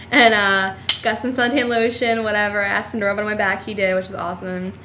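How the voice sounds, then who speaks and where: A woman's voice: little pitch movement, fast talker, a little hiss or hum. A young woman telling a chatty, rambling story of her trip in a casual vlog, acting out what people said. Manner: chatty storytelling, acts out quotes with a bright high voice. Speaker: vlogger.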